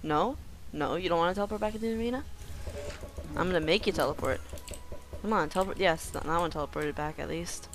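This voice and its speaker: A woman giving casual gameplay commentary in a playful way, joking with the game creatures and bursting into excited yells. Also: lowish voice, fast, a little hiss or hum.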